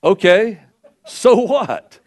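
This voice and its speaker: An older man delivers a sermon into a pulpit microphone. His voice sits a little high, and his folksy, storytelling manner swings from loud declarations to low, quiet asides. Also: very animated, drawn-out words. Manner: folksy preaching with wide swings in pitch and loudness. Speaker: pastor.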